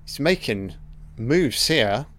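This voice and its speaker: A man's voice: mid-range voice, expressive, takes it slowly, a bit bright. A man giving a casual, profane audio commentary over a film, joking and talking back at the characters.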